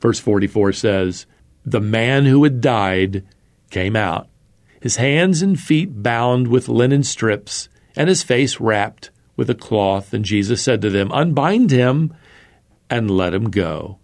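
Gravelly-voiced man teaching scripture. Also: fairly low pitch. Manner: earnest, addresses listeners as beloved; reads scripture aloud with slow, emphatic pauses. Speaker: Bible teacher. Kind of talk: expository sermon.

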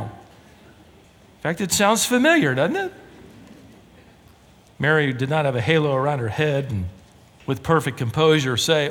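A male pastor preaching a sermon, emphatic, swinging from loud stresses to hushed asides, in a hall with long reverb. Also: on the high side, a little slow, pauses often. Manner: animated preaching, emphatic rises and drops to near-whisper.

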